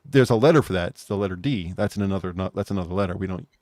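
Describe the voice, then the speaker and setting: A man's voice: low voice, racing, a little mellow, no echo, studio quality. An American man co-hosting a casual podcast chat, rambling and restarting his thoughts as he talks. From United States. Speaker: co-host.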